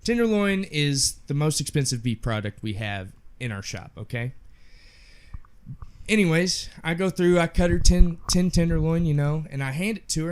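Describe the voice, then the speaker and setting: A young man with a slightly raised voice tells a story on a casual podcast. He is animated and swears freely, and he acts out the people he talks about. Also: fairly high pitch, moderate pace, smooth. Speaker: podcast co-host.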